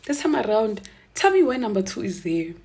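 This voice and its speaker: A woman with a South African accent telling a casual storytime, animated, switching between English and isiZulu and laughing often. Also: mid-range voice, fairly quick, slight background noise.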